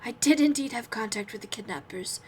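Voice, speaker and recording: A woman voicing a cornered young man who begs for his life in a breathy, urgent voice, reading a game aloud. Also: on the high side, animated, a little fast, noisy background, natural voice. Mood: pleading.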